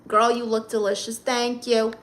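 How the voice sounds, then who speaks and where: A woman's voice: fairly high pitch, a bit bright. A woman with a Brooklyn accent hosting a comedic phone live stream, reading chat comments in a brash, sassy manner. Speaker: livestream comedian.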